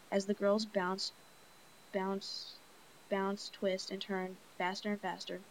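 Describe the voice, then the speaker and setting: A young woman reads a novel aloud, stopping often to restart words and gush about the scenes. Her voice sits at a middling pitch, and a faint hiss runs under it. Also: low-quality recording. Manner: stumbling, enthusiastic, frequent restarts and laughs. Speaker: reader. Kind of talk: reading a novel aloud with commentary.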